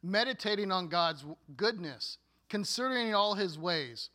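A man preaching a sermon as a pastor, earnest and deliberate, with playful asides. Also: sits high, lively intonation, pushed and bright.

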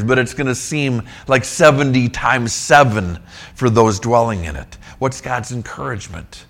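A man preaching a sermon on scripture, emphatic, rising to near-shouts and dropping low. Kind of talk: expository sermon.

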